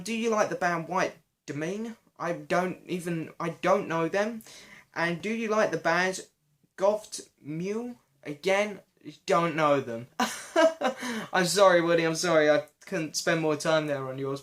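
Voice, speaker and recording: A young man, hoarse because his voice is going, chatting and apologizing as he answers viewer questions in a casual vlog. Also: high voice, fairly bright tone. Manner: chatty, self-deprecating, often apologetic.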